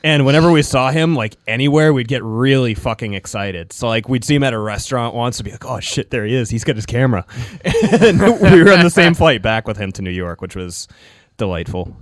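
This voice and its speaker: A man's voice: mid-range voice, animated, fairly quick, dry recording, studio quality. A man co-hosting a casual podcast chat, telling rambling anecdotes and laughing often. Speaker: podcast co-host.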